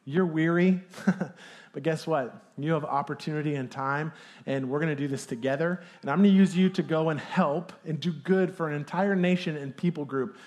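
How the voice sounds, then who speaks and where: A man's voice: a little high, normal speed, darkish tone, close to an everyday voice. A man voicing God as a patient, encouraging male figure in a casual sermon retelling.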